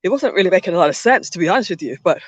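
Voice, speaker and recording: A woman's voice: fairly low pitch, expressive, very fast, no echo, dull audio. A woman hosting a livestream, chatting and telling a rambling story while walking outdoors in a park, with frequent restarts. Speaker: livestream host.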